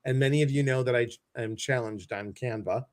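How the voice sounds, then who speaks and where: A man's voice: mid-range voice, a little fast. This is a chatty man with a Midwestern American accent hosting a live online show. He talks in an effusive, joking way and calls out viewers by name. His voice comes through a video-call mic. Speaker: host. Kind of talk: casual livestream chat.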